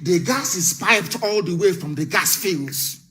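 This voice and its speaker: A man giving an impassioned live broadcast speech, firing off rhetorical questions and bursting into shouts. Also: high-pitched, expressive, a little slow, a little hiss or hum. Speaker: political broadcaster.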